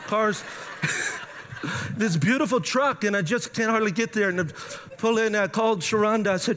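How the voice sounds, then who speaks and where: A man's voice: high voice, normal speed, long pauses, fairly bright tone. A middle-aged man, preaching a sermon and telling a story animatedly, acting out his own thoughts as he goes. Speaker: pastor.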